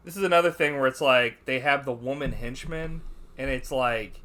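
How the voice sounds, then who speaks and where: A man's voice: mid-range voice, a little slow, sharp tone, a little hiss or hum. A man co-hosting a podcast, reviewing a film in casual banter, swearing a lot and doing mocking impressions of the characters. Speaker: podcast co-host.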